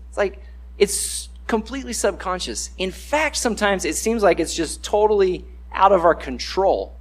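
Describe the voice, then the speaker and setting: A man's voice: high-pitched, expressive, normal speed. A man giving a casual, conversational sermon, acting out the voices he quotes.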